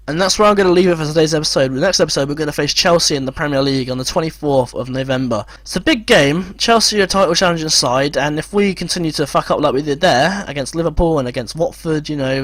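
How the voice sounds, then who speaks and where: A man's voice: a little high, quick pace, few pauses, fairly bright tone, no room sound. A young man giving frustrated, swearing let's play commentary on a football game. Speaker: gamer.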